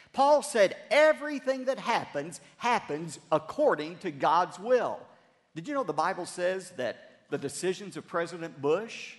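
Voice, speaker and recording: Preaching man with a high voice. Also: long reverb tail. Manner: emphatic preaching, leads congregation in repeated phrases. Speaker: pastor. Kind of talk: sermon.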